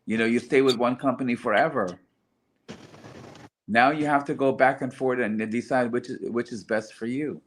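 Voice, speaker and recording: A man's voice: medium pitch, normal speed, a little hiss or hum. A man in casual group chat, earnestly explaining his views and restarting phrases as he thinks.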